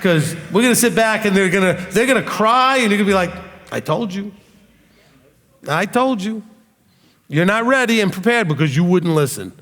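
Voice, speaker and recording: Blunt, lively man preaching in a hall. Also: sits high, quick pace, hardly any pauses. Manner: blunt, animated, mimics others' voices. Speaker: teacher. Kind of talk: sermon-style teaching. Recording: long hall reverb.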